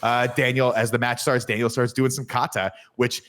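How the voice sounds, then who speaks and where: A man co-hosting a podcast, retelling a movie plot in an animated, profane, casual way. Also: mid-range voice, normal speed. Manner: animated, profane storytelling with acted-out quotes. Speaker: podcast co-host. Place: studio.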